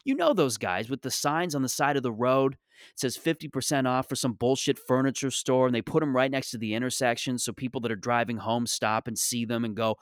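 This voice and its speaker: A man's voice: mid-range voice, fairly quick, no room sound, clean studio sound. A male comedian delivering a sarcastic, exasperated rant in a monologue.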